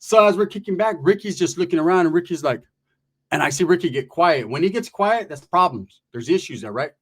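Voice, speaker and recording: A man telling a comic story in an animated, slangy way, laughing between lines. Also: a little high, a little fast, husky.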